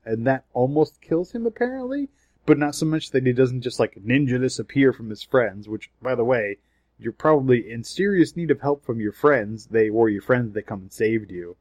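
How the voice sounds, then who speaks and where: Man, podcast co-host, lively pitch, dry close sound, casual chat. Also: dry recording. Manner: animated, swearing, laughing between points.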